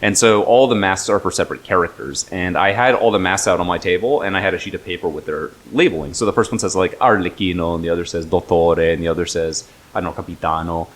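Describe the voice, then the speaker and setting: A man's voice: low-pitched, fast talker, few pauses. A young man hosting a podcast, telling anecdotes in a chatty way and laughing often. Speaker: podcast host. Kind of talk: casual chat.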